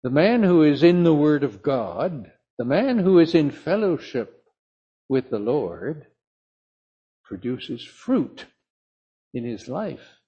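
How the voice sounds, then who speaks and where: Slow, husky older preacher. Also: male voice, fairly high pitch, very animated, dark tone, highs cut off. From south of England. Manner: slow, emphatic, storytelling preaching. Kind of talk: sermon.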